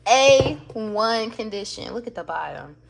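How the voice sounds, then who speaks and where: Excitable woman with vocal fry. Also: on the high side, measured pace, slight background noise. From Atlanta, US South. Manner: gushing, excitable, swears freely. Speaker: vlogger. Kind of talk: casual vlog chat.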